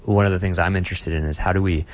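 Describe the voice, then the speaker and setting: A man's voice: deep voice, fairly even intonation, racing. A man who is a pastor, talking earnestly in an interview and often repeating words as he starts a sentence. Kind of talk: conversational interview.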